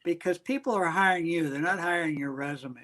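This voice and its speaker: An older man with a voice a little higher than most men's, speaking as an interview guest. He talks earnestly and with emphasis, using homely examples to make his points. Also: a little fast, fairly bright tone, rough recording. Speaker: guest, business leader. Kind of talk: interview answers.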